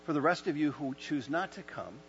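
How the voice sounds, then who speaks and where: Man preaching, soft to impassioned. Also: fairly high pitch, a little fast. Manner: builds from calm teaching to loud impassioned preaching, then hushed. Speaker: pastor. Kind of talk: sermon. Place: church service. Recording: dull lo-fi sound with faint mains hum.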